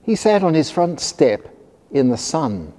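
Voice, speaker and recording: A man reading a children's picture book aloud, expressive and animated. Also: fairly high pitch, a little slow. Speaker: storyteller. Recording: reverberant hall.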